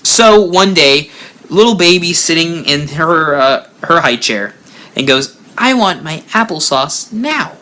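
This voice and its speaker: Slow bright-voiced male storyteller. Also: medium pitch, a little hiss or hum. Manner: animated storyteller, rising and dropping for effect. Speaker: haunt builder channel host. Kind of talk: live-streamed spooky story.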